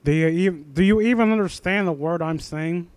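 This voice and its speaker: A man's voice: fairly high pitch, normal speed, a little mellow, clean tone, dry recording, close to an everyday voice. A man reading as a glib young adventurer.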